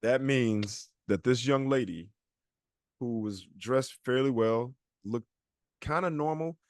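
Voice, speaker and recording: A man with a middle-pitched voice tells a story on a casual podcast, jumping into the voices of the people in it. The sound is close and dry, with no room around it. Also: slow, no room sound. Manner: animated storyteller acting out quoted people. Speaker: podcast co-host.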